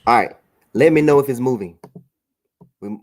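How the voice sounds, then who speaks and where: A man's voice: mid-range voice, normal speed, a little mellow. A man teaching a religious class over a broadcast, often saying "all right" and checking that his student follows along.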